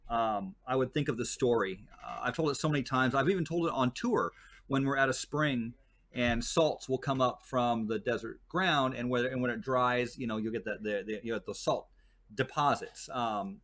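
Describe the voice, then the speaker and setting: A man's voice: mid-range voice, moderate pace, a bit bright. A man chatting as a guest who works as a desert tour guide, telling stories in a rambling way with many fillers and restarts. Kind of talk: casual chat.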